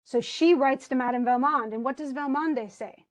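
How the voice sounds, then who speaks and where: A woman's voice: sits high, normal speed, low-quality recording. A woman college English teacher giving a conversational literature lecture, full of fillers and restarts, who reads story passages aloud.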